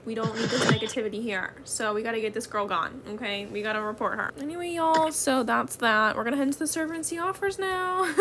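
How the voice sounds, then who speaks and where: Chatty gamer girl, slightly high voice. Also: noisy background. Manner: chatty, keeps addressing viewers as y'all and bestie. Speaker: gaming channel host. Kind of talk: casual gaming chat.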